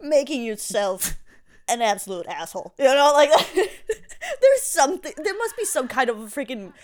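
A woman's voice: high voice, big pitch swings, moderate pace, darkish tone. A woman in her twenties from Sweden, a comedian guest in a casual chat, giggling and swearing freely. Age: 20s.

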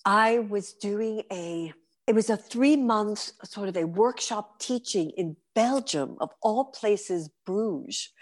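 A woman in her fifties from New York City speaks slowly in a mid-range voice with a New York accent. She's a guest performer on a podcast interview, telling stories in an animated, vivid way.

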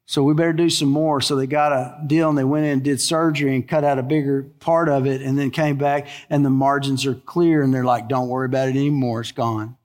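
An older man preaching a sermon in a folksy, animated way, full of stories and rhetorical questions. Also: medium pitch. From American South. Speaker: pastor.

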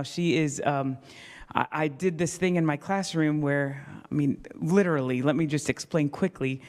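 A man preaching a sermon as pastor in a church, telling a story with self-mocking humor and acting out voices. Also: on the high side. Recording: long reverb of a church hall.

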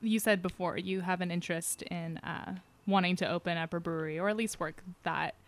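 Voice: mid-range voice, steady tone, brisk, noisy background. A podcast host in a casual chat, asking the guest follow-up questions. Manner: brief reactions and follow-up questions. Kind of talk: casual chat over beers.

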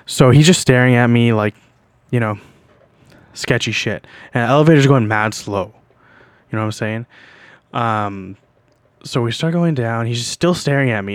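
A man's voice: mid-range voice, dry recording. Rambling, foul-mouthed young man. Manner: rambling, profane, laughs while telling. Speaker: podcast host. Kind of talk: casual storytelling monologue.

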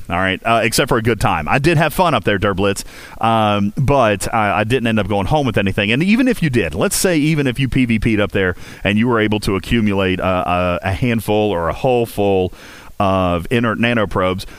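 Hosting a voice chat for a game community, a man talks to listeners in a loose, rambling way, joking and filling the gaps with lots of fillers and restarts. His voice is lowish and the recording is dry.

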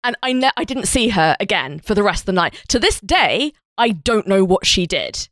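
A woman, a podcast co-host telling stories in a wry, animated way during casual chat. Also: mid-range voice, normal speed, dry recording.

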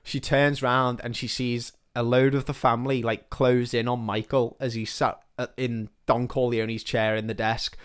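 A man casually retelling a film plot as a podcast host, animated, swearing freely and acting out the characters' lines. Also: medium pitch, moderate pace, few pauses, clean tone.

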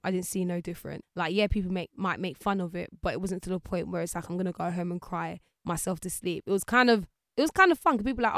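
This woman, a lively interview guest in casual conversation, mimics the people she quotes. Her voice runs low and fast, and the recording is dry with a clean studio sound.

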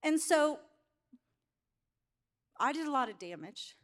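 A middle-aged woman preaching a sermon, telling a candid personal story in an animated way. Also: high voice, takes it slowly.

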